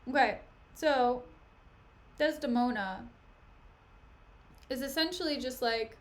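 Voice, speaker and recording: A woman's voice: high-pitched, a little slow. Chatty young woman retelling a play. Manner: chatty, gossipy, full of fillers like "like". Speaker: streamer reading a play aloud. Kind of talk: casual chat and retelling.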